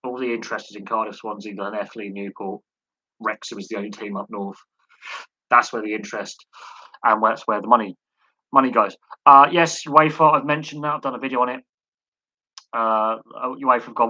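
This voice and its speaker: A man's voice: mid-range voice, quick pace, bright, forceful tone, slightly rough, no echo, dull audio. A man hosting a live sports chat stream, talking in a rambling way with many fillers and repeated words. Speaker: host.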